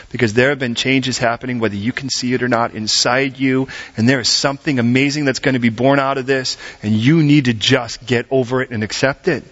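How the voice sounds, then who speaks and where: Animated male preacher, mid-pitched, dull lo-fi church recording. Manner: animated, acts out voices, direct questions. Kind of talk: sermon. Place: church service.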